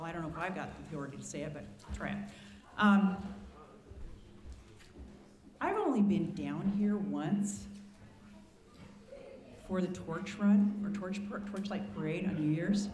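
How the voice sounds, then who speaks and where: A woman in her sixties, a retired ski patroller, telling lively anecdotes to a gathering, with asides and restarts. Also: mid-range voice. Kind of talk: storytelling to a gathering. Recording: echoey room.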